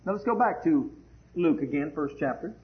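Male preacher, high voice, fervent sermon delivery; roomy, dull-sounding recording. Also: lively intonation, moderate pace. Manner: fervent, swings from hushed to loud. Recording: echoey, dull lo-fi church recording.

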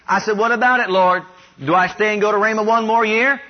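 A fast-talking, high-voiced man from Ohio, USA preaches a sermon, having the congregation repeat declarations after him in call and response. He gets louder and higher as he repeats them, and the recording sounds dull and lo-fi.

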